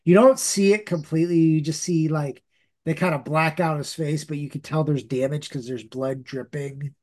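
A man's voice: on the high side, steady tone, moderate pace, darkish tone. A man hosting a podcast, casually recapping a comic book story with lots of fillers and restarts. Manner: rambling, many fillers and restarts. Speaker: podcast host.

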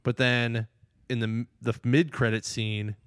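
A man chatting casually, recapping a movie in an excited, rambling way and acting out the characters' lines. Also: medium pitch, unhurried, clean tone, no echo, clean studio sound. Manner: excited, rambling, acts out quotes.

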